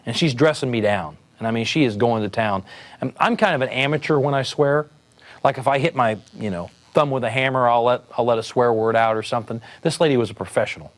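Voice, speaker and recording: Man telling a police story. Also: medium pitch. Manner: relaxed, conversational, frequent fillers and restarts. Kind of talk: storytelling talk.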